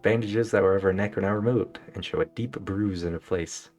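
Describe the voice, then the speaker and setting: A man's voice: low voice, brisk, a little mellow, soft background music. A man reading a visual novel aloud as a game player, dramatic in places and often breaking off to joke and laugh.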